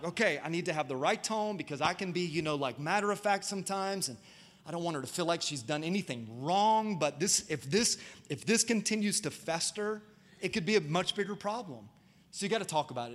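A pastor preaching a sermon to a congregation, talking casually and joking with the crowd. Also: male voice, high voice. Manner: animated and conversational, jokes with the congregation. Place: church auditorium before a congregation.

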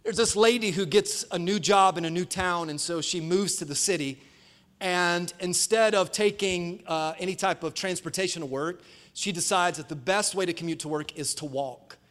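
A man's voice: high-pitched, normal speed, a bit bright. A male pastor preaching an emphatic sermon at a live church service, switching to playful storytelling.

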